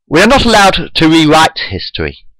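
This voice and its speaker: Man voicing a solemn, gentle admiral. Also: a little high, wildly swooping pitch, a little fast, no echo, pitched above the performer's own voice, poor audio.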